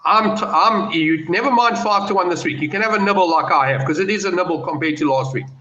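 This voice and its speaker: A man's voice: high voice, quick pace, slight background noise. A man giving confident betting views and telling stories in a casual panel chat over a video call. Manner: animated, storytelling, confident. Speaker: betting pundit. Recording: roomy, dull lo-fi call audio.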